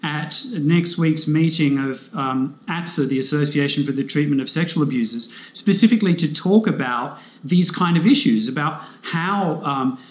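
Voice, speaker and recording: A man with a somewhat raised voice explains things steadily, pausing with ums as he thinks. He sounds like an interview guest with plenty of room echo around him. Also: fairly high pitch. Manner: measured, frequent ums and you-knows. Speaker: foundation spokesperson. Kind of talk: conversational interview answers. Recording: roomy echo.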